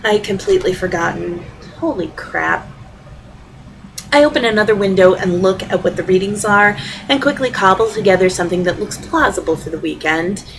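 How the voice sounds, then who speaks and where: A middle-aged woman reading her own personal essay aloud, with a wry, deadpan storytelling manner. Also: medium pitch, a little fast, gravelly, slight background noise, rough recording.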